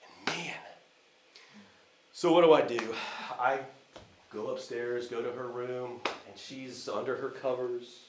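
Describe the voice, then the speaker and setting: Against a noisy background, a visiting preacher from the United States speaks slowly and steadily in a mid-range voice, stopping often. He tells a family story during a conversational sermon, stumbling into fillers and restarts, and the church hall sounds echoey.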